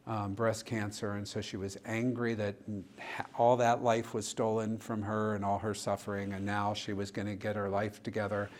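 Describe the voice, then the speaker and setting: Lively male pastor telling a story. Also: lowish voice, a little hiss or hum. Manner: animated storyteller who acts out quoted dialogue. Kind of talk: storytelling in a church discussion. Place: church.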